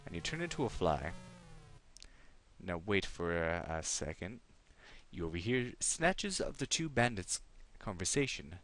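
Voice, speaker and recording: A man's voice: sits low, big pitch swings, unhurried, fairly bright tone, no echo. A man hosting a let's play, chatting and reading game text aloud.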